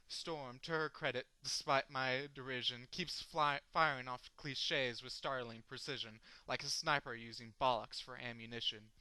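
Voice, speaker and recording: A man's voice: medium pitch, steady tone, normal speed, hardly any pauses, pushed and bright, smooth, no room sound, rough recording. A man performing a long rhyming comic poem as a sardonic, sweary rant. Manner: ranting, sardonic, rhythmic, swearing. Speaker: poetry reader.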